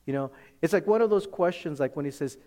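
A man casually recounting a personal faith encounter, animated when quoting others and restarting often. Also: fast talker, in a large hall. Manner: animated retelling, quoting others with rising pitch, repeated restarts. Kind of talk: casual testimony storytelling.

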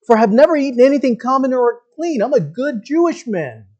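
A man doing an indignant Peter, a grown man arguing back. His protest rides high and pleading, insisting on his own righteousness. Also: expressive, fairly quick, darkish tone, dull audio.

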